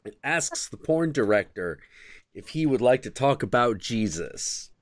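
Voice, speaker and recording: A man hosting a stream, chatting casually and telling crude, animated stories. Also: medium pitch, a little slow, no room sound, studio quality. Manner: animated, crude storytelling with bursts of acted quotes. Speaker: stream host. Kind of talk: casual chat.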